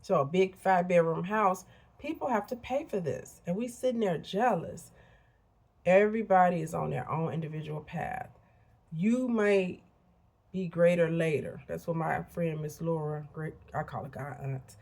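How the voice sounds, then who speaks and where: Husky, blunt woman in her fifties. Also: lowish voice, normal speed, darkish tone. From Illinois, USA. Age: 50s. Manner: candid, blunt, chatty asides to viewers. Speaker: vlogger. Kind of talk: casual motivational monologue.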